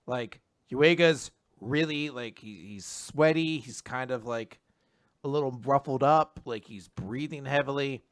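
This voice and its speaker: A man's voice: unhurried, smooth, no room sound, clean studio sound. A man co-hosting a casual manga recap podcast, animatedly acting out characters' lines and swearing casually. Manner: animated, acts out characters' lines with big pitch jumps. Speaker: podcast co-host.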